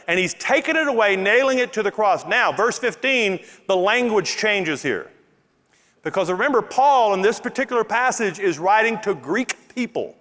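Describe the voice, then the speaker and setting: A man with a Louisiana accent preaching a sermon as pastor, animated and emphatic, stretching out key words. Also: sits high. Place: church auditorium with congregation. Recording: long hall reverb in a church.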